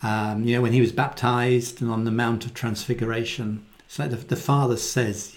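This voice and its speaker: A man giving a casual, animated Bible talk and often acting out the quoted voices in it. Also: medium pitch, moderate pace, few pauses. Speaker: Bible teacher. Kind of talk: conversational Bible teaching.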